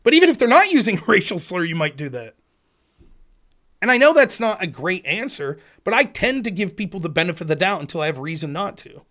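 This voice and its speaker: A man's voice: high-pitched, sing-song, fairly quick, a bit bright. A man hosting a political livestream, talking in an argumentative monologue and acting out quoted back-and-forth exchanges. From Pennsylvania. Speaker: political talk show host.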